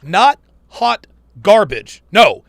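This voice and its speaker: A man hosts a casual reaction podcast, blunt and profane, hammering points home by repeating himself. His voice is gravelly and sharply bright. The sound is dry and close to the mic. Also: high voice, big pitch swings, very slow, no echo. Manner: blunt, profane, emphatic repetition. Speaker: podcast host reacting to clips.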